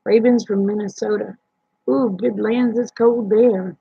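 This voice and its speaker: Woman host with a drawl, husky and gravelly, folksy and teasing, live-stream chat on dull, dry audio. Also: medium pitch, fairly even intonation, unhurried, dark tone, no echo. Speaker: livestream host. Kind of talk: casual late-night livestream chat with viewers.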